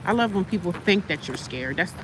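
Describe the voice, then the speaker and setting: A woman's voice: lowish voice, fairly quick. A woman live-streaming outdoors in the cold, talking casually to her viewers and to herself. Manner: chatty, talks to herself, animated when retelling. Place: outdoors in the cold, near cars. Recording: outdoor phone audio with clear street noise.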